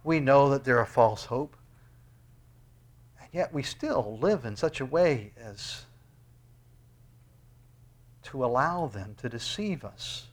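A man preaching as pastor reads from scripture and ends in prayer, his voice rising to loud, high exclamations and dropping to quiet, low asides. He speaks slowly with lively intonation and long pauses.

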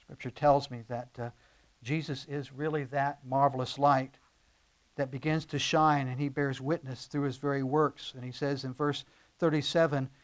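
A man preaching a sermon, impassioned and emphatic, building through repeated phrases and slipping into conversational asides with stumbles and restarts. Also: a little high.

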